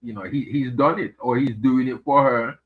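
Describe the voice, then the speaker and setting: A man giving his views as a regular guest on a political chat show, speaking in a hesitant, measured way with many fillers and repeated words. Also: mid-range voice, fairly even intonation. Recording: tinny phone line.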